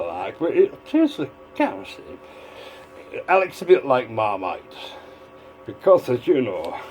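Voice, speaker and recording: A man's voice: medium pitch, a little mellow, low-quality recording. A man giving a casual, rambling video commentary, drifting between asides. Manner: rambling, digressive, full of fillers and restarts. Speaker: vlogger.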